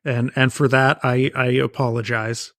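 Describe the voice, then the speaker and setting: A man's voice: mid-range voice, little pitch movement, normal speed, a bit bright, no room sound. A man with a mid-range voice, talking casually on a podcast. He stumbles over repeated words before making dry, sarcastic points. The recording is close and dry. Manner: stammering, dry sarcastic asides. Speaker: podcast co-host. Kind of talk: casual chat.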